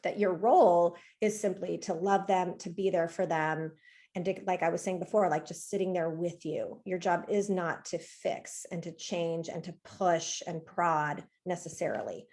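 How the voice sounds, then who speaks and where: A woman therapist talking in a relaxed, reflective way in a webinar, acting out parents' worries as she goes. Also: fairly low pitch, normal speed. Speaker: therapist guest. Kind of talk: webinar talk.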